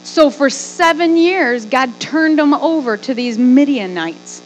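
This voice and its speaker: Woman pastor preaching, high voice, unhurried, tosses in jokes, faint music behind. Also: poor audio. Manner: lively preaching with joking asides. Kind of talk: sermon.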